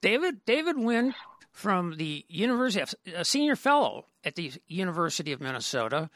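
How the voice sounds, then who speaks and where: Podcast host, lots of restarts, bouncy pitch, dry close sound. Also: big pitch swings, brisk, fairly bright tone, no room sound. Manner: chatty, stammering restarts. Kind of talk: casual interview talk.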